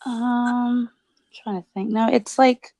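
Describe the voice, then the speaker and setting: Gravelly-voiced English woman, dry sound. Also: on the high side, fairly even intonation, slow, warm tone, no echo. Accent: English with American influence. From England. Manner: giggly, easygoing. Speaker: guest. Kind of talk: casual video chat. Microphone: video call.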